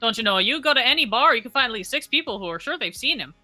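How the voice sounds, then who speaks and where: A woman's voice: a little high, animated, very fast, sharp tone, soft background music. A woman doing a folksy chatty telegraph girl. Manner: folksy and talkative, says "don't you know".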